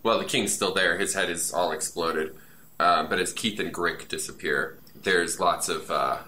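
A man running a tabletop game as dungeon master, telling the story in a lively way with lots of fillers. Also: deep voice, moderate pace. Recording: noisy podcast recording.

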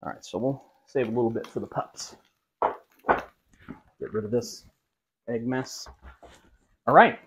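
A man chatting through a cooking vlog in a home kitchen, his voice sitting at an ordinary middle pitch. He talks to the viewer casually and drops wry, self-mocking jokes between steps. A faint hiss of noise runs under him. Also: unhurried, long pauses. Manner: joking, self-mocking asides while cooking. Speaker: cooking show host.

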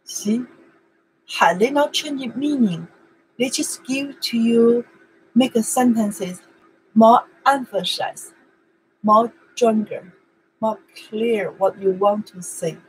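A woman's voice: fairly high pitch, animated, slow pace, pauses often, a little hiss or hum, low-quality recording. A woman whose first language is Chinese, teaching an online language lesson in simple, broken English and repeating words over and over for practice.

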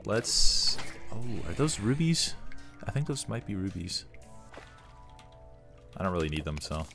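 A young man casually commenting while playing a game, swearing often and breaking into excited outbursts. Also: on the low side, a little slow, vocal fry. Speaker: gaming streamer. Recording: music bed behind voice. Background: soft game music.

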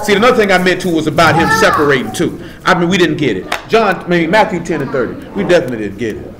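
A man's voice: a little high, lively intonation, very fast, noisy background. A man preaching a live sermon, emphatic and casual, asking the room rhetorical questions. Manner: casual street slang.

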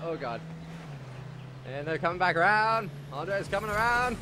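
A man's voice: sits high, expressive, moderate pace, background noise. A young man playing a team game, calling out the action like a commentator. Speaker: gaming teammate. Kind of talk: play-by-play gameplay chatter.

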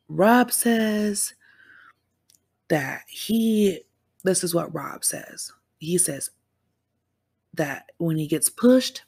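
A woman casually recapping a true-crime episode as a show reviewer, animated and exclamatory with slangy asides. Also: medium pitch, breathy edge.

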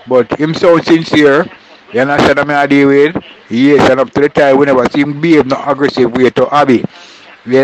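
A man's voice: medium pitch, a little hiss or hum, rough recording. A man with a Jamaican accent giving rambling street commentary, often checking that the listener understands. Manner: rambling, repeats "you understand".

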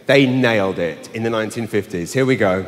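Speaking briskly in a lowish voice, a London-accented English comedian delivers a brash, sweary stand-up set on a handheld mic in a big arena. The live sound carries long reverb and a faint hum.

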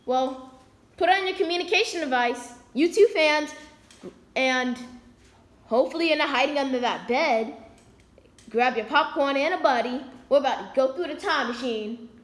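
A woman's voice: sits high, moderate pace, roomy sound. A woman hosting a video, telling a playful story to her viewers and laughing often. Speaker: video host.

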